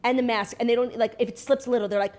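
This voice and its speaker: A woman's voice: a little high, rapid-fire. Chatty woman podcast host. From United States. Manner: chatty, lots of "like", animated retelling. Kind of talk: casual chat.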